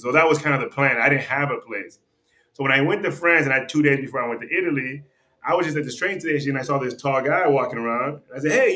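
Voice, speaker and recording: A man's voice: medium pitch, sharp tone. A middle-aged man, a podcast guest, telling a casual story and acting out quoted dialogue in a raised voice.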